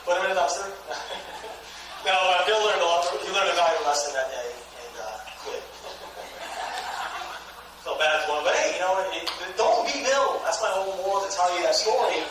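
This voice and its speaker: A man's voice: high voice, lively intonation, moderate pace. A man giving a motivational sales training talk to a live room, telling jokey stories and talking straight to the audience. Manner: joking storyteller, addresses the audience directly. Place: lecture room at a regional event. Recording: echoey room, distant mic, faint hiss.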